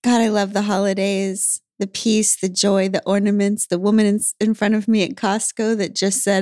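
A woman's voice: medium pitch, little pitch movement, moderate pace, hardly any pauses, a little mellow, no room sound, studio quality. A woman hosting a podcast, chatting casually and expressively and laughing often. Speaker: podcast host. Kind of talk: casual chat.

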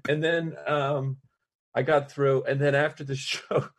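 A male comedian guest casually telling a story, animated and laughing through his lines. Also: medium pitch, a little slow.

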